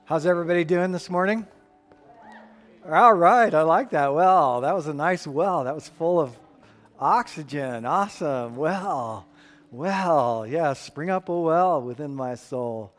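A man's voice: on the high side, lively intonation, unhurried, in a large hall, soft background music. A man preaching a sermon in a church, emphatic and playful with the congregation. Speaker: pastor.

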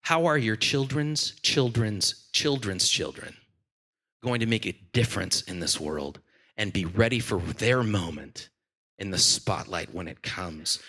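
A man who is a senior pastor, preaching a sermon in a church with animated, playful storytelling. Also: on the low side, measured pace.

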